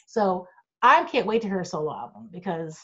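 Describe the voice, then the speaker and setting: A woman's voice: lowish voice, very animated, fairly quick, breathy edge. A middle-aged woman, a group manager, answering fan questions in a candid, blunt and outspoken way over a video call. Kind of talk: candid Q&A chat. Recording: dull lo-fi video call audio.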